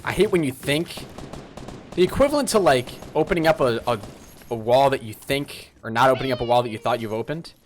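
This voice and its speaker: A man streaming a game live, commenting on play and talking straight to his chat in a lively, apologetic way. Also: medium pitch, a little fast, a little hiss or hum. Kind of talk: live gameplay commentary and chat shout-outs.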